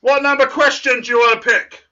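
A man's voice: extremely high pitch, level tone, a little fast, sharp tone. A man voicing a cocky, boastful male quizmaster character who teases the kids in a comic church sketch. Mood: smug teasing. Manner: teasing, boastful, playfully smug. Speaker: quiz host at a church service. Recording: muffled lo-fi recording.

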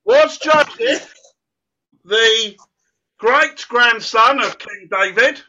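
A man's voice: very high voice, bright, forceful tone, full character voice. A man voicing a cocky, boastful male quizmaster character who teases the kids in a comic church sketch. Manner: teasing, boastful, playfully smug. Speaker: quiz host at a church service. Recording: muffled lo-fi recording.

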